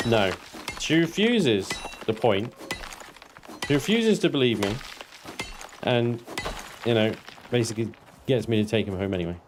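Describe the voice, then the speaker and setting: A man's voice: medium pitch, animated, moderate pace, pauses often. A man in his thirties, chatting casually and swearing freely as he streams a game and answers chat. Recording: clear background noise.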